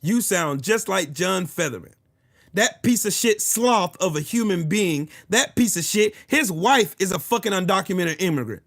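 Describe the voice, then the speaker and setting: Angry live-stream host, man, high voice, profane shouting rant at chat. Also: animated, moderate pace. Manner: furious, profane, shouting at commenters.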